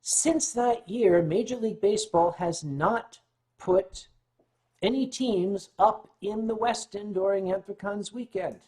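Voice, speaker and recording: A man hosting a livestream, telling a long anecdote in a lively way and clearing his throat often between beats. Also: high-pitched, measured pace. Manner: animated retelling with shifting loudness. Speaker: livestream host. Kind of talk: anecdotal storytelling.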